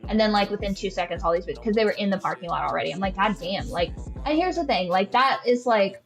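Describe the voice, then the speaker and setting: A woman talks casually as a podcast host, spinning a long story in a blunt, profane way. She leans on filler words and slips into her friends' voices for quoted lines. Her pitch sits in a middle range, with faint music playing behind her. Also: animated, brisk.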